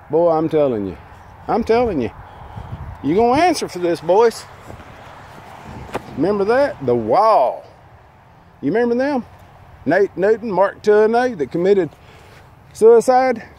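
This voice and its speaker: A man with a drawl talks bitterly and preachily, as if scolding someone right in front of him. His voice sits high and jumps around a lot. He is recorded outdoors, with faint noise around him. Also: dark tone. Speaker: fan burning team memorabilia. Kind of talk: angry outdoor monologue to camera. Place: outdoors by a fire.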